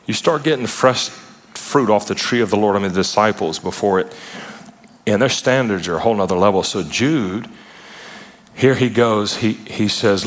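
This sermon comes at a moderate pace from a man whose voice sits fairly low; he stays relaxed and chatty, breaking into animated asides and playful retellings. Long reverb from a large hall follows each phrase.

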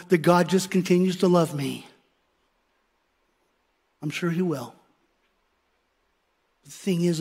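A high-voiced middle-aged man preaches with animated energy. He rambles through stories, restarting his sentences and acting out the people he quotes. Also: slightly rough. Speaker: pastor. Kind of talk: sermon.

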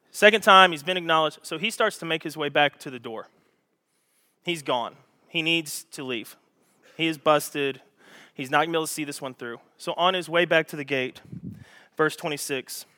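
A man preaching a sermon to a congregation, animated and storytelling, acting out scenes with raised voices. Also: on the high side, moderate pace. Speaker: pastor. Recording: echoey hall.

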